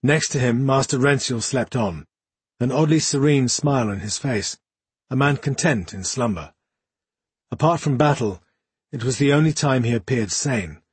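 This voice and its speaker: Husky, breathy male audiobook narrator. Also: mid-range voice, dry recording. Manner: measured, even storytelling. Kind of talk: scripted fantasy narration.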